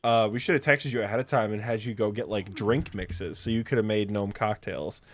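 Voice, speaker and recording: A man's voice: fairly low pitch, a little fast. A man co-hosting a casual podcast, with wry jokes. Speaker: podcast co-host. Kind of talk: casual chat.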